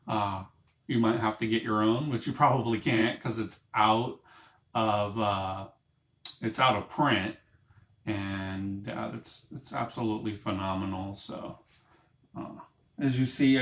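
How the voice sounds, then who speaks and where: A man's voice: mid-range voice, reverberant. A man hosting his own small broadcast, rambling casually with many fillers and restarts, in a room lined with books. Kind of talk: casual rambling talk to camera.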